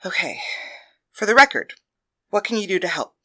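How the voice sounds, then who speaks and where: A woman voicing a calm female leader who speaks quietly and in a measured way. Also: medium pitch.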